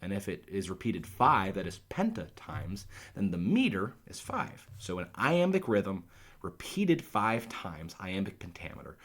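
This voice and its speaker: A fairly low-pitched man talks through a classic play with a very lively, up-and-down voice. He recasts each line in everyday words, musing aloud like a tutor at his desk. It sounds like a self-made recording on his own device. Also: measured pace. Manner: paraphrases in plain everyday words, thinking aloud. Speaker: teacher explaining Shakespeare. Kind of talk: casual line-by-line explanation. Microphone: self-recorded on a phone or laptop.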